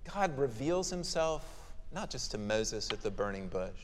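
A man's voice: medium pitch, big pitch swings, a little slow, a little hiss or hum. A male pastor preaching a sermon who explains scripture in a conversational, emphatic way, in a hall with long reverb.

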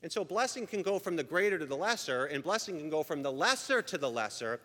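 Lively-voiced man preaching in a hall. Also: on the high side, fast talker. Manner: earnest, conversational preaching with frequent restarts. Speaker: pastor. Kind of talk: sermon. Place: church sanctuary. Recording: long reverb of a large hall.

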